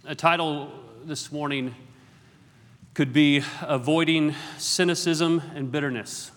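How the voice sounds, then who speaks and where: A man's voice: a little high, fairly even intonation, slow pace, a bit bright. A middle-aged man preaching as a guest speaker, with jokey self-deprecating asides. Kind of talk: sermon. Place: large auditorium. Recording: long hall reverb.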